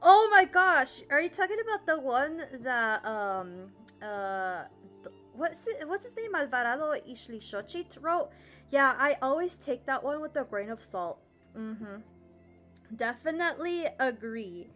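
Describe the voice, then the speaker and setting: A chatty woman teaches history on a livestream and talks to her chat in a loose, rambling way, full of fillers. Her voice sits a little high. Soft music plays faintly underneath. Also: big pitch swings, unhurried. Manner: chatty, rambling with many fillers, laughs often. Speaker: history streamer teaching a lesson. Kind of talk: casual livestream lesson, reading chat.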